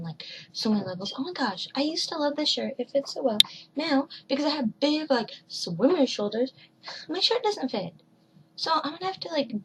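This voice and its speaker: A woman's voice: fairly high pitch, slight background noise, low-quality recording. A woman in her twenties vlogging at home, rambling casually and dropping into whispered asides. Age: 20s. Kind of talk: casual chat.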